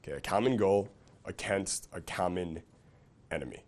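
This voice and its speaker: A man's voice: deep voice, normal speed, darkish tone. Profane, casual male seminar coach. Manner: profane, casual, keeps checking in with "okay?" and "right?". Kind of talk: live seminar lecture.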